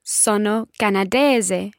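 Slow careful Scottish woman learner. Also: mid-range voice, no room sound, studio quality. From Scotland. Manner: repeats words after the teacher, careful. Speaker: co-host learner. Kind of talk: podcast language lesson.

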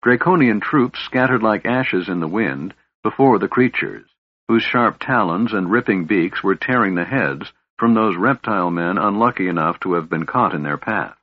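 A man's voice: on the low side, breathy edge, dry recording. A man narrating a fantasy audiobook expressively. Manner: expressive storytelling. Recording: dull lo-fi audiobook recording.

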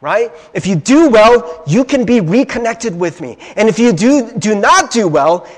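A man's voice: high-pitched, normal speed, hardly any pauses. A man preaching a sermon as pastor, talking conversationally and often checking in with the audience. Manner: conversational, keeps asking the audience "right?"; animated storytelling. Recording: long reverb of a hall.

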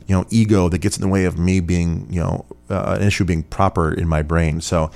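A podcast host from Rochester, New York, speaks a little fast in a low, steady, creaky voice with a darkish tone. He answers listener questions in a casual, rambling, chatty way, using many fillers.

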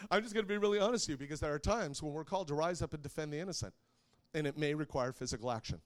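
A man's voice: on the high side, fast talker. Joking, conversational male preacher. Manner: conversational and joking, asks the audience questions. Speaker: pastor. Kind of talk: sermon to a live congregation.

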